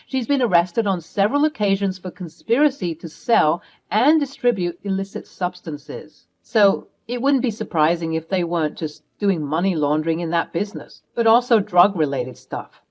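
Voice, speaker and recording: A woman's voice: lowish voice, animated, moderate pace, hardly any pauses, a little mellow, close to an everyday voice. A woman voicing a protective middle-aged mother who confronts her husband firmly. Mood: confiding. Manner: firm, accusing, commanding.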